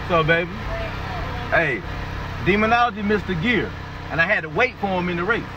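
At a drag strip, a YouTuber who races hypes himself up in a casual vlog, trash-talking his rival and repeating his boasts. He speaks fairly quickly in a high-pitched voice, captured in a distant, dull, lo-fi recording with faint noise.

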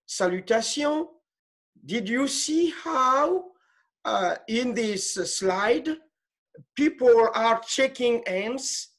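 Slow, animated woman teaching French. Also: fairly high pitch. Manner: slow and patient, repeating phrases, mixing French and English; halting, with fillers and restarts. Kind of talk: online class lesson.

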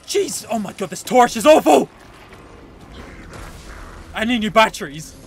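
A man giving excitable, joking let's play commentary, often shouting and swearing at the game. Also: sits high, measured pace, creaky, slight background noise. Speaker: gaming channel host.

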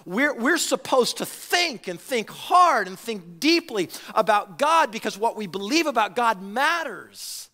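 A man's voice: extremely high pitch, sing-song, a little slow, few pauses, pushed and bright, long reverb tail. A pastor in his forties preaching a sermon in a church, acting out the voices of the people he quotes. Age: 40s. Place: church sanctuary.

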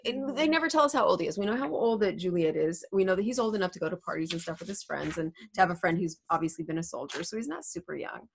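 A woman teacher from the United States, with a lowish voice, talks through a play scene at home in an easy, chatty way. She explains things plainly and speaks into a desk mic. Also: lively intonation, quick pace, vocal fry, hardly any pauses, slight background noise. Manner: chatty and explanatory, laughs easily. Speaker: English teacher. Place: home room.

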